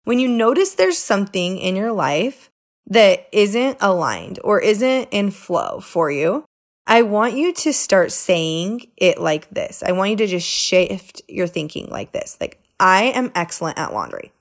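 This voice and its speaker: A woman's voice: medium pitch, big pitch swings, measured pace. Chatty, earnest woman podcast host. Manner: chatty and earnest, lots of "like" and "right?". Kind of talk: casual solo podcast monologue.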